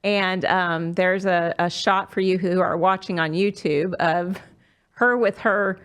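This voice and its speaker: A woman's voice: lowish voice, steady tone, slow pace, fairly bright tone, smooth. A middle-aged woman hosting a casual podcast chat, talking with lots of fillers and restarts. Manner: chatty, many fillers and restarts. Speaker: podcast host.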